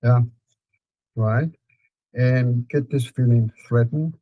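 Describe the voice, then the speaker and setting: A man with a Danish accent calmly guiding a client through a therapy session, repeating prompts slowly. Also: mid-range voice, dry recording, highs cut off. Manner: calm, repetitive prompting with fillers.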